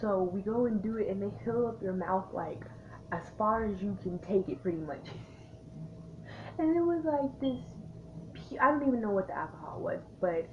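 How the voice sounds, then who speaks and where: A young woman vlogger casually telling a storytime tale in a chatty, animated way, acting out the quotes. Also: mid-range voice, moderate pace, noisy background. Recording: tinny lo-fi sound.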